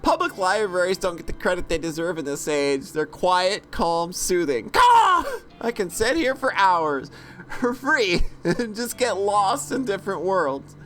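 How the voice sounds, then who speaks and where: A woman's voice: fairly low pitch, expressive, measured pace, faint music behind. A woman playing through a game and reading its story aloud, giggling and swearing, with crow caws thrown in. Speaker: let's play host.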